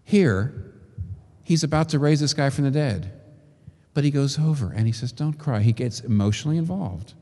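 A male pastor delivers his sermon with animated pitch, rising and falling across questions and emphatic lists. His voice rings with the long reverb of a large hall. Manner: expressive preaching with rhetorical questions and slow emphatic lists.

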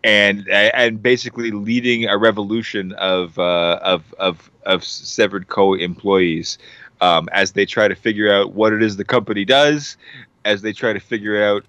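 Low-voiced guy rambling excitedly, lots of ums, dry dull-sounding recording. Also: measured pace, dry recording. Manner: rambling, enthusiastic, many fillers and restarts. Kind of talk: casual show recommendation.

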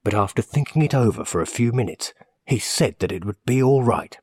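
A man reading a classic story aloud in the first person, measured and expressive. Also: mid-range voice, slightly rough, no room sound, studio quality. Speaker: audiobook narrator.

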